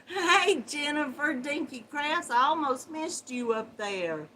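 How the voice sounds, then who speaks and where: A woman's voice: sits high, expressive, takes it slowly, slight background noise. A middle-aged woman, hosting a casual livestream and greeting viewers with sweet endearments and frequent laughs. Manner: warm Southern endearments, chatty, laughs often. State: runny nose. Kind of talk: casual live chat.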